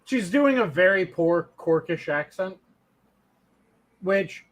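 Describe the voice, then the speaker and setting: High-voiced man, emphatic and profane. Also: animated, slow, fairly bright tone. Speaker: podcast co-host and stage actor. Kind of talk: casual online chat.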